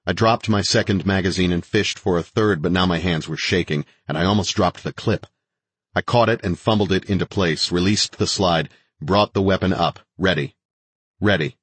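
A man's voice: low-pitched, moderate pace, slightly rough, no room sound. A man narrating a first-person action thriller with a terse, driving delivery. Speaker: audiobook narrator.

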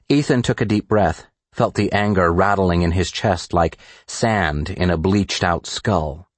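A male narrator reading a thriller audiobook in a very low, measured voice. His delivery is deliberate and steady. The recording is close and completely dry. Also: no echo.

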